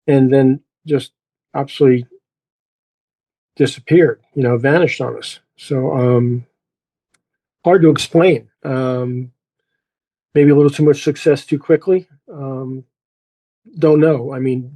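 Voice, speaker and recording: Middle-aged man, golf coach guest, warm dark tone, halting with fillers. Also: medium pitch, poor audio. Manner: halting, repeats words, many fillers. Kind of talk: casual remote interview chat.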